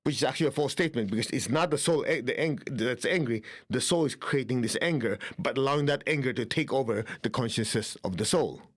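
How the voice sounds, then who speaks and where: A man's voice: mid-range voice, quick pace, few pauses. Man teaching spiritual healing conversationally. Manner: conversational, often checks in with listeners; acts out inner dialogue in quoted asides. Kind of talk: instructional talk on spiritual healing.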